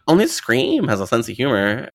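A man's voice: medium pitch, big pitch swings, normal speed, no room sound, clean studio sound. A man co-hosting a podcast, giving playful, opinionated takes on a movie in casual chat. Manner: opinionated, playful, repeats words when starting. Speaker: podcast co-host.

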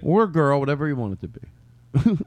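A man's voice: a little high, sing-song, normal speed, darkish tone. A man hosting a podcast in casual chat, playful and laughing easily as he directs the bit. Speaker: podcast host.

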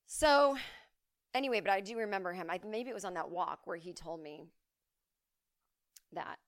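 A woman's voice: on the low side, fairly quick, no echo. A woman in her forties talks straight into a close, dry mic with no room sound. She tells stories from her childhood in a loose, rambling way, swears freely, and breaks off into asides. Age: 40s. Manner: rambling, profane, animated storytelling with asides. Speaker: podcast host. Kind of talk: solo storytelling podcast.

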